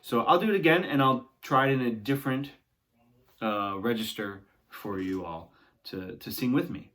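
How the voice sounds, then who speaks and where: A man's voice: mid-range voice, moderate pace, fairly bright tone. Young male voice teacher, encouraging, talks students through exercises. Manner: encouraging, talks along with exercises, often ends with "right?". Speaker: singing teacher. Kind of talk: guided vocal warm-up lesson.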